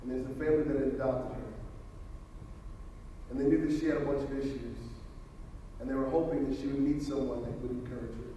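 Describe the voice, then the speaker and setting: A motivational speaker telling personal stories at a school assembly, with emphatic delivery that drops to a hush. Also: male voice, mid-range voice, fairly even intonation, a little fast, long pauses, a little hiss or hum. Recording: roomy reverb, distant from the mic.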